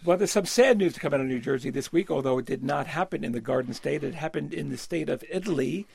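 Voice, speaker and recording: A man's voice: fairly high pitch, fast, creaky, darkish tone, slightly rough. A middle-aged man co-hosting a political podcast in a radio studio, chatting and bantering with plenty of fillers. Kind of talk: casual political chat.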